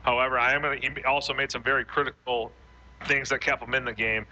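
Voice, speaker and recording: A man co-hosting a post-game radio show, breaking down the game in a measured way and often restarting his sentences. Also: mid-range voice, steady tone, pushed and bright, lo-fi sound, a little hiss or hum. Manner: thinks aloud, frequent restarts, measured. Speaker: radio football co-host and analyst.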